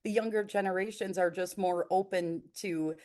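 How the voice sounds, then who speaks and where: A woman in her forties telling a story in a casual, animated way, with many fillers. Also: mid-range voice, moderate pace. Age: 40s. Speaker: nonprofit founder.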